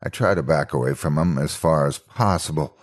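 A man reading a first-person horror story aloud as narrator, in a measured, dramatic way. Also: very deep voice.

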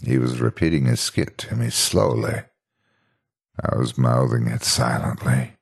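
Deep, gravelly male horror-story narrator. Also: animated, measured pace, pauses often. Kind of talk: first-person horror story reading.

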